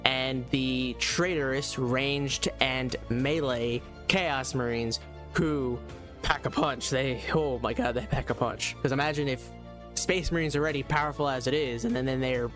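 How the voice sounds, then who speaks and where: A man talks through a video game review in a loose, rambling way, leaning on fillers and restarts. His voice sits at a middling pitch, with faint music playing underneath. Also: steady tone, measured pace, a bit bright. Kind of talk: casual game review commentary.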